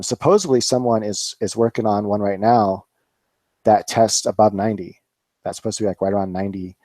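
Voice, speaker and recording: A man in his forties hosts a loose live-stream chat, rambling with many fillers and frequent swearing. His voice sits low and dark. The room sounds dry and close. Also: dry recording. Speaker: cannabis grower, channel host.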